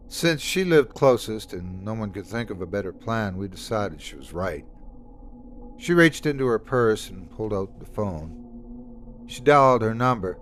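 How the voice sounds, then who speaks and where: Male horror narrator, low, animated, suspenseful reads. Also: slight background noise. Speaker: horror storyteller.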